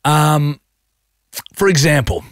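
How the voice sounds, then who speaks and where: A man's voice: fairly high pitch, animated, takes it slowly, dry recording, clean studio sound. A man hosting a radio show, telling a story in casual banter with a self-mocking streak. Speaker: radio host. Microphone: studio microphone.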